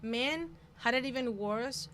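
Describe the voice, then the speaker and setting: A woman coach talking in a casual conversation, emphatic and animated, laughing often. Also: a little high, slow, slight background noise. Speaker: guest coach.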